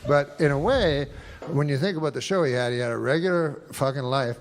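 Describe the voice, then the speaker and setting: A man performing a stand-up routine on a comedy club stage, rambling slowly and swearing crudely. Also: fairly high pitch. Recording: noisy live club recording.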